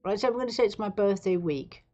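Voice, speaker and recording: A woman's voice: medium pitch, fast, warm tone, highs cut off, soft background music. A woman hosting a live stream, talking in a rambling, sarcastic, digressive way. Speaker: livestream host. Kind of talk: casual live-stream commentary.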